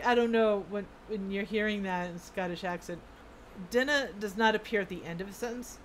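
Medium-pitched and accompanied by a light hiss or hum, a young woman's voice offers casual commentary while she streams a game. She rambles along, clearly amused at herself.

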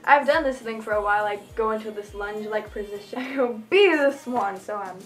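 A teenage girl chatting casually as a fan vlogger at home, answering questions and doing dares, giggly and excitable. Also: mid-range voice, faint music behind. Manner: giggly and excitable, quick bursts of enthusiasm. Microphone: phone camera.

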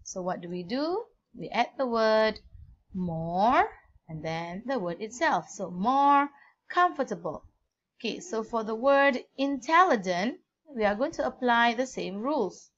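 A woman's voice: fairly high pitch, animated, unhurried, muffled recording. A woman with a Malaysian English accent teaching a grammar lesson, spelling words out letter by letter.

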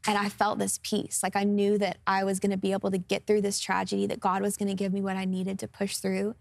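A woman's voice: medium pitch, monotone, brisk, vocal fry, a little mellow, dry recording. A woman of about twenty, a guest singer sharing her personal testimony in an interview, speaking earnestly and openly with many fillers. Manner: earnest and open, with frequent fillers like "um" and "like".

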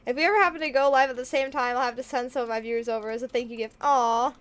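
A woman's voice: a little high, fairly even intonation, rapid-fire, a little hiss or hum. A woman streaming a game, chatting casually in a bubbly, giggly way while reading chat aloud.

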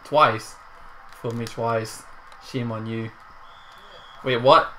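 A young man in casual let's play banter, excitable and swearing at the game. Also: medium pitch, slow, a little hiss or hum. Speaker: co-host gamer.

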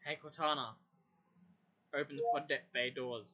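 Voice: medium pitch, fairly even intonation, normal speed, sharp tone. A person casually giving a voice assistant commands, repeating them and muttering curses. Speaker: user testing a voice assistant. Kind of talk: casual chat with a device. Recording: dull lo-fi recording, speaker away from the mic.

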